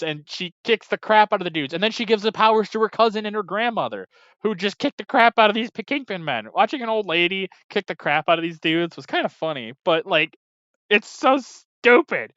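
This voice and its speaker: An exasperated reviewer rants in a casual, rambling way, full of sarcasm, with a voice that leaps up and down in pitch. The sound is dry and close, on a slightly dull lo-fi recording. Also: fairly bright tone, dry recording. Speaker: TV episode reviewer.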